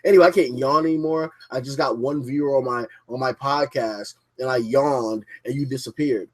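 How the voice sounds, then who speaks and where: A man's voice: mid-range voice, fairly even intonation, moderate pace, few pauses, a little mellow. A young man hosting a casual podcast from his basement, rambling and cursing freely as he reviews wrestling and mocks a viewer who left. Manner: profane, rambling, mocking. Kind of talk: casual livestream podcast rant. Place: home basement.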